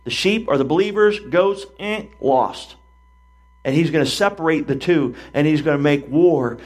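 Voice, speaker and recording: An older pastor preaches a sermon, telling the story with animation and acting out the voices of its characters. His voice sits a little high and moves at normal speed.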